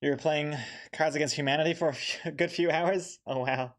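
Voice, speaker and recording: A man's voice: on the high side, steady tone. Chatty self-deprecating man streaming. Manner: chatty, self-deprecating, talks to viewers in the chat; quick rambling bursts with many fillers. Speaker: comic artist streaming his drawing. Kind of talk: casual live-stream chat while drawing.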